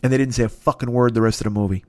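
A man in his fifties telling a rambling story in a casual, profane and excitable way. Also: mid-range voice, rapid-fire, dry recording. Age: 50s.

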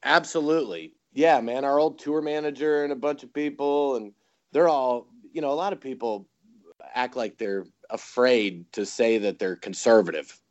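A man's voice: mid-range voice, moderate pace, darkish tone, dull audio. A man, a comedian guest, telling a story in casual chat and acting out voices and sound effects.

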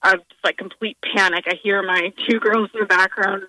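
Female caller on a phone line, bright sharp voice, dry sound. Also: mid-range voice, normal speed, no echo. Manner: animated, exasperated storytelling. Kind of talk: telling a story on a phone-in.

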